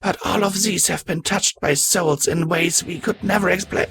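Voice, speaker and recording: A man's voice: high-pitched, normal speed, over music, voice pushed up. A man voicing a knowing stallion in an audiobook, grave and explanatory. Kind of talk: audiobook character voice.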